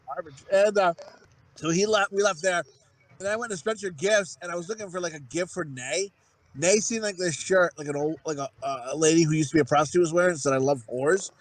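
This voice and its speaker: Podcast co-host, forties, male; high voice, swears freely, rambles through stories. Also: brisk, no room sound, rough recording. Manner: profane rambling storyteller. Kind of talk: casual podcast banter.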